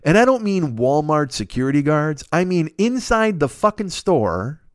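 A man hosting a podcast, telling a long comic anecdote in a casual, profane, animated way into a close mic. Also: fairly high pitch, moderate pace, no echo. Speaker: podcast host. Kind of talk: casual comedic storytelling.

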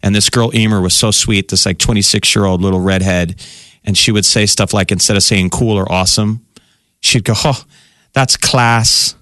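A man's voice: on the low side, steady tone, a little fast, fairly bright tone, dry recording, studio quality. A man from Nebraska, a podcast co-host, telling a chatty travel story in casual conversation. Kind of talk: casual chat.

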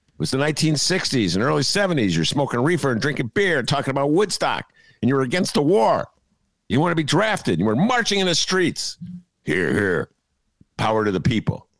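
A gravelly older man riffs on the news with big swoops in his voice, jokey and full of asides. He sounds close and dry, with no room around him. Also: fairly high pitch, brisk, no room sound. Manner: jokey and animated, riffing with asides. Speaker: podcast co-host. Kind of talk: casual political commentary.

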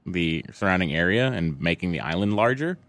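A man from Boston chatting casually, explaining things slowly with fillers. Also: sits low, animated, a bit bright, no room sound. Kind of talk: casual chat.

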